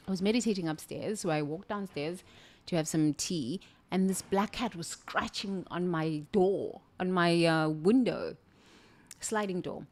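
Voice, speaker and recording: A woman from southern Africa, telling a spiritual story in an animated, exclamatory way with many restarts. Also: fairly low pitch. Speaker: spiritual speaker.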